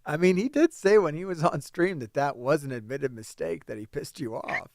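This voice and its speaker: A man from New Jersey hosting a casual wrestling review chat, profane and prone to loud ranting outbursts. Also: a little high, lively intonation, moderate pace, creaky, dry recording, clean studio sound. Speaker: podcast host.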